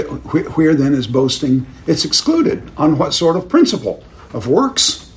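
A man's voice: medium pitch, sing-song, unhurried. Older man teaching a Bible class. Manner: conversational, questions the class, chuckles at his own stories. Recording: roomy with faint background noise.

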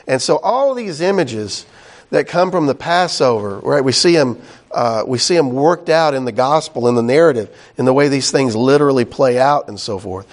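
A man's voice: mid-range voice, lively intonation, moderate pace. A man teaching a sermon verse by verse, in a casual, conversational way with many fillers and "right?" asides. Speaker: pastor.

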